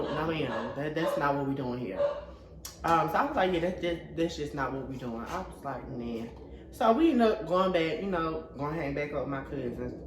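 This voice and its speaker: Young male vlogger, animated storyteller, bouncy lively voice, roomy echo. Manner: animated, acts out quotes in a high dramatic voice. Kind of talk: casual storytelling.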